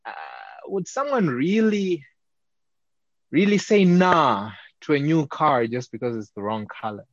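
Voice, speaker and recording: A man's voice: on the high side, measured pace, no room sound. Zimbabwean guy rambling thru a story, dry slightly muffled podcast sound. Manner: rambling storyteller, animated when retelling. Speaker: podcast co-host. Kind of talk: casual chat.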